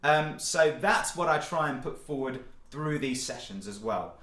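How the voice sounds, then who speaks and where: A man coaches a group through vocal warm-ups, upbeat and encouraging, demonstrating each sound with loud whoops and yells. His voice is bright and full of lively swoops in pitch. The room around him is echoey. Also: unhurried. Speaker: singing workshop leader. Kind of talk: online vocal warm-up session.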